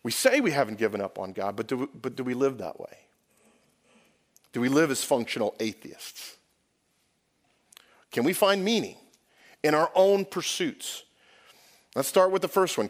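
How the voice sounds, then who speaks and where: A man from the United States preaching a sermon to his church, conversational, often asking the congregation questions and restarting phrases. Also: on the high side. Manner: conversational, self-correcting, asks the congregation questions. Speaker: pastor. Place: church sanctuary.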